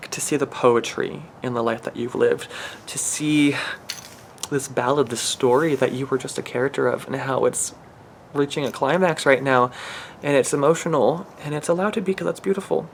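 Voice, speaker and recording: A man's voice: medium pitch, fairly even intonation, moderate pace, gravelly, a little hiss or hum. A man giving a channeled spiritual reading in an emotional, earnest way, rambling and restarting his sentences. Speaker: spiritual reader.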